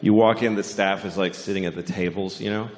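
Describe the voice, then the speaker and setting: A man's voice: sits low, steady tone, fairly quick, echoey room. A man performing a stand-up comedy set, ranting sarcastically with plenty of profanity and mock outrage.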